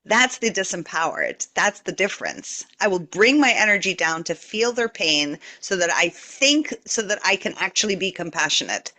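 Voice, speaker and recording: Brief: earnest guest with a bright, forceful tone, explaining calmly. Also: mid-range voice, moderate pace, few pauses. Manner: earnest, explanatory, guides visualizations. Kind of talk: casual spiritual chat.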